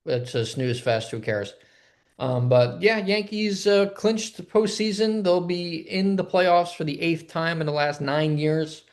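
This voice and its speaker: A man co-hosting a casual sports podcast, talking in a relaxed way with lots of "um"s. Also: on the high side, unhurried. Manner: laid-back, filler-heavy. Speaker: podcast co-host.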